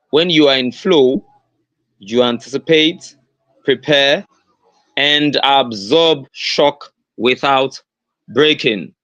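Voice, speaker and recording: Earnest Nigerian-accented male host, unhurried delivery, repeats his points, dry recording. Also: mid-range voice, fairly bright tone, dry recording. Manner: repeats key phrases, stressing them slowly; earnest, with many fillers and restarts. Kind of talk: motivational livestream talk.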